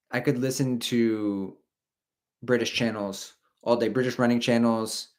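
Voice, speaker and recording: A man's voice: medium pitch, slow pace. Host, man, 40s, loose rambling live-stream chatter, reads out viewer comments. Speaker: podcast host. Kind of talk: casual live-stream chat.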